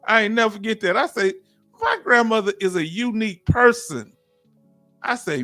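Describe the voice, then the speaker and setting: High-voiced man chatting on a stream. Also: big pitch swings, moderate pace, pauses often, sharp tone, no room sound, faint music behind. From Texas. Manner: folksy, storytelling, reads chat aloud. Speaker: host. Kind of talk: casual livestream chat.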